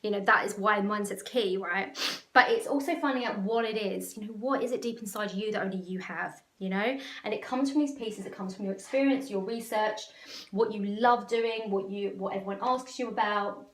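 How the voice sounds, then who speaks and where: A woman's voice: mid-range voice, moderate pace, echoey room. A woman business coach talking to camera in an emotional, passionate, rambling way. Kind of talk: casual talk to camera.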